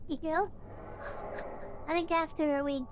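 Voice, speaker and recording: A young adult woman streaming a game, reacting in an excitable, chatty way. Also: high voice, slow, background noise. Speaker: VTuber streamer. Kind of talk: gaming livestream chat.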